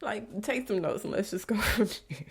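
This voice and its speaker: A young woman talks straight into her podcast mic, open and unfiltered about her own life. She swears freely and often sinks to a hushed whisper mid-thought. Her pitch sits in an ordinary middle range for a woman. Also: animated, normal speed, breathy edge. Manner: blunt, profane, drops into soft whispers. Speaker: podcast host. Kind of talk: candid confessional monologue.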